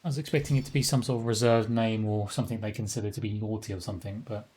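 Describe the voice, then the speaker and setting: A man's voice: lowish voice, fairly even intonation, very fast, darkish tone, slightly rough. Wry man streaming a game. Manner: casual, wry, mutters to himself, mild swearing. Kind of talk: live gameplay commentary.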